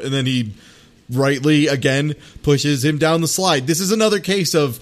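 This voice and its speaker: A man co-hosting a casual movie-riffing chat, sarcastic and quick to laugh. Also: mid-range voice. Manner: sarcastic, laughs often, puts on silly voices. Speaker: podcast co-host.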